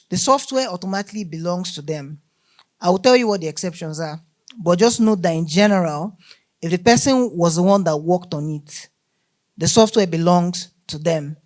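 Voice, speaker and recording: A woman's voice: on the low side, darkish tone. A woman teaching a workshop on law, emphatic and often checking that listeners follow. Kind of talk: lecture to a live group.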